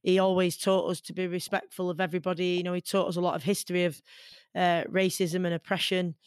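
A woman's voice: lowish voice, fast talker, smooth, no room sound, studio quality. Earnest Mancunian woman in an interview. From Manchester, England. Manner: earnest and animated, many fillers. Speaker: guest, boxer. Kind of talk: conversational interview.

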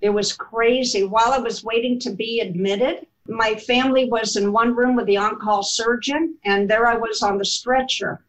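A woman telling a personal story in an interview, animated and laughing as she goes. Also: fairly high pitch, normal speed, few pauses, low-quality recording. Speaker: guest telling her life story.

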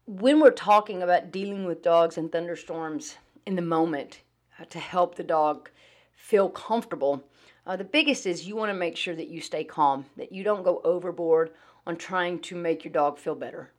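Chatty woman dog trainer, podcast. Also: fairly low pitch. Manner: relaxed, chatty, with many ums and uhs. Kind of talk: casual podcast talk.

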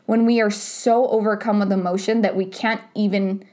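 A woman's voice: medium pitch, flat delivery, normal speed, mellow. A woman co-hosting a casual couples podcast, talking animatedly and filling her sentences with "like" and "right?". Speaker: podcast co-host.

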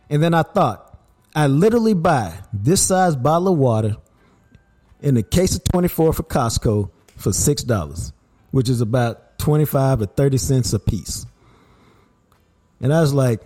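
A man's voice: on the high side, moderate pace. A man hosting a podcast, telling stories in an emphatic, worked-up way. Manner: animated, emphatic storyteller who gets worked up. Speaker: podcast host. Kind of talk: casual podcast chat.

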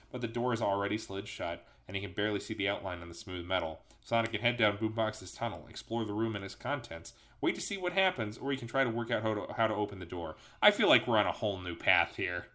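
Bright-voiced man narrating a gamebook. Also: fairly low pitch, quick pace, few pauses. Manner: laid-back, wry, swears casually. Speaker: podcast host and game master. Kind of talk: reading a gamebook aloud, casual banter.

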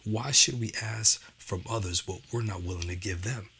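Male educator, motivational talk, conversational; bright, gravelly delivery. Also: lowish voice, moderate pace. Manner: conversational, frequent "you know" and "okay?" check-ins. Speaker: educator and father. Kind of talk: motivational talk to parents and teachers.

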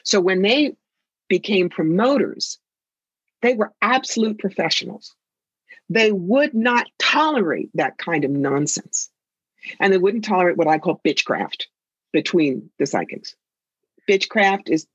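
A woman's voice: medium pitch, very animated, measured pace, husky, no echo, muffled recording. A woman psychic and author telling stories in an interview, with a sassy, theatrical manner. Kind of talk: interview conversation.

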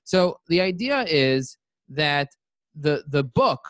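Man, CEO guest, lively storyteller, higher-pitched, dry close sound. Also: takes it slowly, dry recording. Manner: lively storyteller who acts out his own quotes. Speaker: interview guest, company CEO. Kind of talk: casual storytelling interview.

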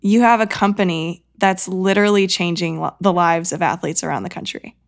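A woman's voice: lowish voice, steady tone, brisk, creaky. Effusive, emotional woman podcast host. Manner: emotional, effusive, warm praise, tearful at times. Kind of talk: podcast interview.

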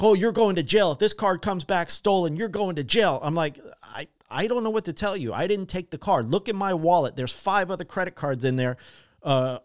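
A man hosting a podcast, telling a personal story in a casual, profane, animated way and acting out the people he quotes. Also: a little high, dry recording, studio quality. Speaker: podcast host.

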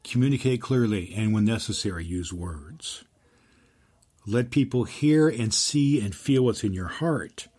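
Male podcast host, low voice, earnest storytelling teacher who leans on slow emphatic phrases. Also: animated, darkish tone, husky.

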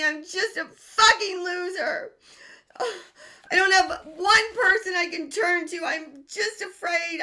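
A woman's voice: very high-pitched, voice pushed up, full character voice. A woman acting out a despairing, sobbing wounded inner child who wails, cries and half-laughs through her words. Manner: wailing, crying and half-laughing, shouting.

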